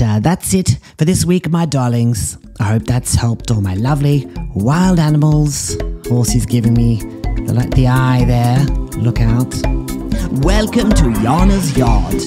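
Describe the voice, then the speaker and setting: A man puts on an eccentric middle-aged woman, a pet psychic, in a comedy sketch. Her voice is low, husky and mellow, and she drifts through odd animal readings in a breezy, deadpan way. She calls everyone darling. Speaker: host. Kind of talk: improvised character comedy monologue.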